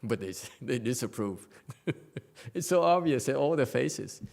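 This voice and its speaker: A Buddhist master lectures in a meditation hall with a gravelly, creaky voice at an everyday middle pitch. He is blunt and teasing, stumbles through fillers and restarts, and needles his listeners. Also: expressive, a little slow, a little mellow. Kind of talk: dharma lecture.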